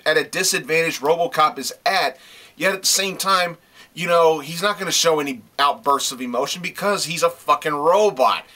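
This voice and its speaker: A man with a fairly high, bright, forceful voice reviews comic books for his channel. He gushes and swears freely, often repeating his praise for emphasis. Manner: gushing praise, repeats himself. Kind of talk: casual video review.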